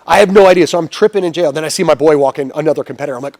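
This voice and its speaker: A middle-aged man with a somewhat high voice tells his story as a podcast guest in casual, animated talk. He swears constantly and slips into other people's voices as he recounts events. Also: rapid-fire. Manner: profane, animated, acts out quotes.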